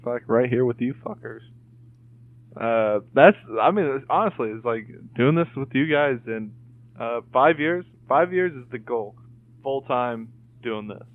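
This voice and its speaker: A man in casual podcast chat, rambling through his thoughts with plenty of fillers and casual swearing. His voice comes through a thin, phone-like call line, at an ordinary middle pitch. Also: animated, measured pace, no echo. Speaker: podcast co-host. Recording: tinny phone-like call audio.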